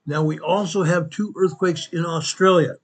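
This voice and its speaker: A man's voice: fairly high pitch, fairly even intonation, normal speed. A man hosting an earthquake report over a map, repeating each figure and correcting himself as he goes. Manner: repetitive, restates each quake figure; corrects himself mid-sentence. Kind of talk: narrating a map-based earthquake update.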